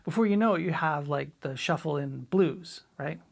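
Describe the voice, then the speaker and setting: Low, gravelly-voiced woman drum teacher. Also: moderate pace. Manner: relaxed, chatty, demonstrates rhythms by scatting syllables. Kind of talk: casual spoken lesson.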